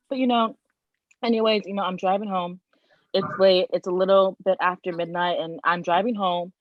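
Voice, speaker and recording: A woman telling a personal story in a casual, animated way, with many fillers. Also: mid-range voice, dry recording. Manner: animated, lively retelling with frequent fillers. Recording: dull, dry, lo-fi sound.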